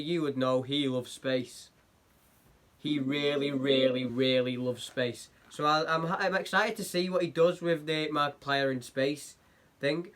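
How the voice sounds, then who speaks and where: Young dude doing casual news commentary, kinda high voice, sarcastic and blunt. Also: male voice, fairly bright tone. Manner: blunt, sarcastic, mocking impressions. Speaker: news show host.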